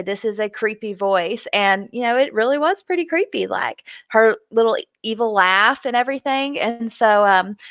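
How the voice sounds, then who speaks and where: A woman's voice: mid-range voice, a bit bright, clean tone, dry recording. Chatty woman with a dull lo-fi sound. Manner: chatty, laughs often, acts out what others said. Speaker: co-host. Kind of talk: casual chat.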